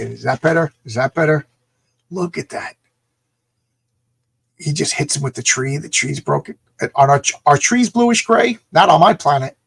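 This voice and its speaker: A man talks through a comic with excited, rambling energy, his voice gravelly and a little husky. The sound is dry and close, as if from a small camera mic in a room with no echo. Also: mid-range voice. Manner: excited, rambling, acts out characters' lines. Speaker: comic book reviewer. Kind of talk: casual livestream comic reading.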